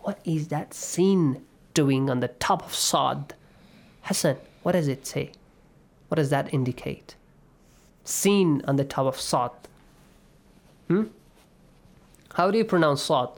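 Patient man teaching recitation on radio. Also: fairly high pitch. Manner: patient, quizzes students, models recitation slowly. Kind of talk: radio lesson on recitation rules.

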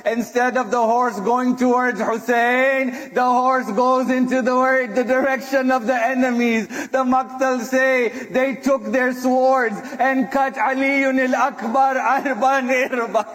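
A man's voice: very high-pitched, steady tone, a little slow, hardly any pauses. A man giving an impassioned religious sermon, chanting lines in Arabic and speaking on the verge of tears as he addresses the audience. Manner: impassioned, breaks into chanted Arabic and near-sobbing. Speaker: speaker recounting a martyrdom narrative. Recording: long hall reverb.

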